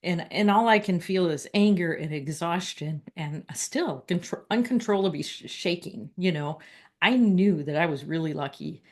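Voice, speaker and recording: A woman telling a personal story in a casual, earnest and reflective way, halting and restarting as she goes. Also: fairly low pitch.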